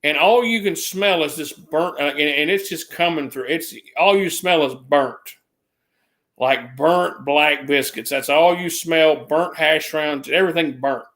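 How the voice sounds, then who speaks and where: A man's voice: fairly high pitch, unhurried, fairly bright tone. Rambling man telling a story. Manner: rambling, restarts, mimics others with a raised voice. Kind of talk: casual storytelling.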